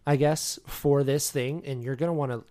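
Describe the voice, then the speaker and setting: A man's voice: medium pitch, steady tone, normal speed, dark tone. A man co-hosting a podcast, rambling through opinions with jokey asides. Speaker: podcast co-host. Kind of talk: casual chat.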